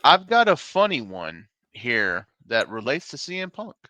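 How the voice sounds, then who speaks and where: A man's voice: medium pitch, huge pitch swings, a little slow, pushed and bright, dry recording. A man hosting a podcast in casual chat, swearing and hyping things up. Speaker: podcast host.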